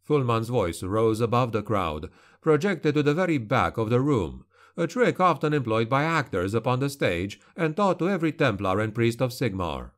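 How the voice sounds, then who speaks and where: A man narrating a dark fantasy audiobook in a steady, grim, even delivery. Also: mid-range voice, moderate pace.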